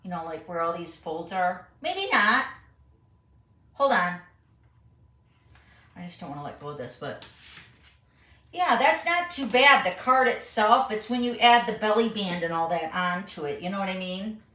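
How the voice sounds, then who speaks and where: A woman's voice: on the low side, normal speed, pushed and bright, distant mic. A middle-aged woman hosting a live card-making tutorial, walking viewers through each step and reading their questions aloud in a chatty way. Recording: roomy sound, voice a bit off-mic.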